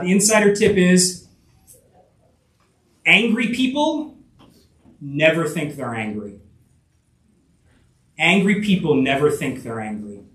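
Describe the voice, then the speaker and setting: High-voiced preacher in an echoey room. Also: male voice, recorded from a distance. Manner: halting, many restarts and fillers, rhetorical questions. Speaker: pastor. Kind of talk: sermon.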